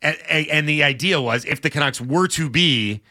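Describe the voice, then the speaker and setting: Dry, bright-voiced male radio host. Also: on the high side, moderate pace, no room sound. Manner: wry, laughs between lines. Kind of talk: casual sports radio banter. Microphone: close studio mic.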